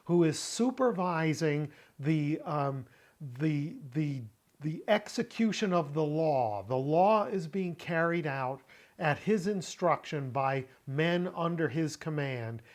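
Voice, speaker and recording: Slow, deliberate male Bible teacher. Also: a little high, lively intonation. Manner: slow, deliberate, with fillers and throat clearing. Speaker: host teaching Bible Greek. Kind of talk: unscripted teaching talk.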